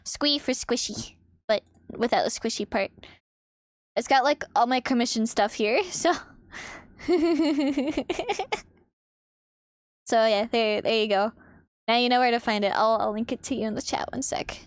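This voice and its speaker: A young woman chatting casually on her art stream, animated and expressive, swearing freely. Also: fairly high pitch, unhurried, long pauses, dry recording, clean studio sound.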